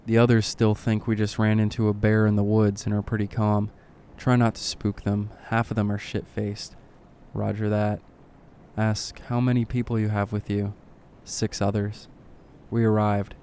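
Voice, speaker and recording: A man reading a horror story aloud in short clipped lines, keeping his voice low and subdued. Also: completely flat delivery, moderate pace, mellow, a little hiss or hum. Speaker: narrator.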